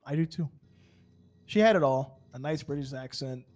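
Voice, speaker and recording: An expressive man with a mid-range, slightly mellow voice talks at a moderate pace, roleplaying on a game server. His in-character story unfolds as rambling casual chat, thick with fillers and stammered restarts.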